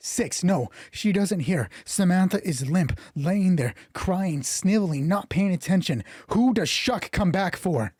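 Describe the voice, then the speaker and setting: Excitable guy narrating his solo tabletop game, cussing a lot, husky and kinda hoarse, dry close sound. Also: high voice, a little slow, few pauses, no room sound. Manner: excitable, swears freely. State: voice getting hoarse. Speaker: game master.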